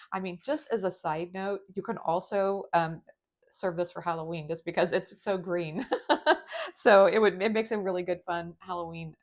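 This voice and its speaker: A woman hosting a live cooking demonstration from her home kitchen, chatty and enthusiastic as she talks straight to her viewers. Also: fairly low pitch. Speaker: cooking show host.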